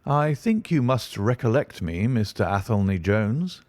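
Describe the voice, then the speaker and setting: A man voicing a stout, blustering middle-aged police inspector with a muffled, husky, wheezing voice in an audiobook. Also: fairly low pitch, big pitch swings, measured pace, a little mellow, dry recording. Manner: pompous, brash and self-satisfied. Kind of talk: audiobook reading.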